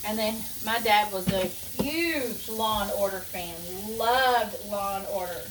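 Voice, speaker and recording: A woman's voice: medium pitch, slow, recorded from a distance, background noise. Middle-aged lady yakking away over the stove, stories and asides, voice kinda off-mic in an echoey kitchen. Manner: chatty storyteller, rambling asides. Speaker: cooking vlogger. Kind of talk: casual chat while cooking. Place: home kitchen.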